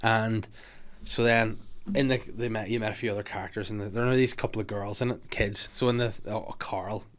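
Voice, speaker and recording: A man, hosting a casual podcast chat and retelling scenes with lively acted-out voices. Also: lowish voice, a little fast. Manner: animated storyteller acting out scenes. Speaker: podcast host.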